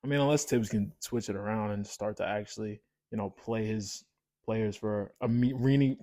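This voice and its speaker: A man's voice: on the low side, normal speed, mellow. A man in casual chat, giving short agreeing replies and laughing along. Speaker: podcast host.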